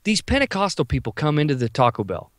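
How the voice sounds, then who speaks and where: Animated high-voiced man telling a story. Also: no echo, clean studio sound. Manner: animated, profane, quick-talking storyteller. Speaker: podcast co-host. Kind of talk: casual storytelling.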